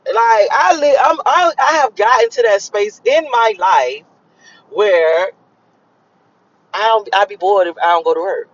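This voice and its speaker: A man's voice: high-pitched, a little slow, highs cut off. A young man in a car, rambling and cursing as he reflects on his morning. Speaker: vlogger. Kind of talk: casual morning monologue while driving.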